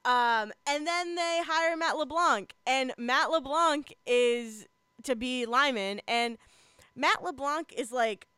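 A young woman with a high, smooth, clear voice chats casually about television, laughing often and filling gaps with "like" and "um". Her voice is close and dry, with no room around it. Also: takes it slowly, sharp tone, no echo. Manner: chatty, laughs often, many fillers. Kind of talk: casual chat about TV shows.

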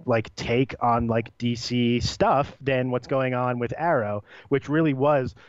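A young man co-hosting a podcast in casual chat, rambling and animated, laughing often. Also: medium pitch, a little slow, dry recording, dull audio. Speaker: podcast co-host.

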